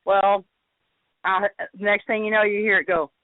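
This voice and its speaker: Woman host, casual storyteller with lively quoted voices, phone-line sound, dry. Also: moderate pace, dry recording. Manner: animated, jumps into high voice when quoting.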